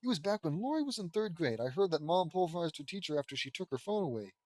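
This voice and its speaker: A man's voice: on the high side, sing-song, quick pace, darkish tone, no echo. A man reading the lines of a gossipy teenage older sister.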